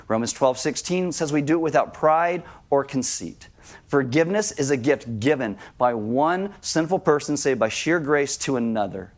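A man's voice: medium pitch, moderate pace. A man preaching a sermon to his congregation, talking directly to them and acting out scenes with sudden raised voices. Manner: animated, acts out scenes with shouted voices; conversational, addresses congregation directly. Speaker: pastor.

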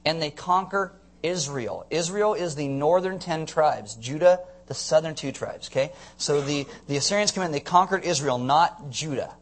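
The man's voice sits on the high side, moving at a moderate pace with hardly any pauses. He's a pastor delivering a teaching sermon to a congregation, full of jokey asides and frequent checks that everyone's keeping up.

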